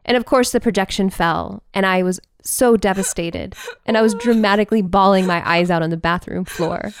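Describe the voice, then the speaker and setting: A woman podcast host telling a personal story in an animated, vivid way into a close microphone. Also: medium pitch, normal speed, smooth, no room sound.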